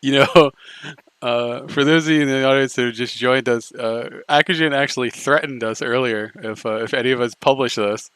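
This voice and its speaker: A man's voice: medium pitch, moderate pace, a bit bright, smooth, dry recording, poor audio. A man hosting a casual group stream, mockingly reading aloud and stumbling over his words. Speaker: stream host.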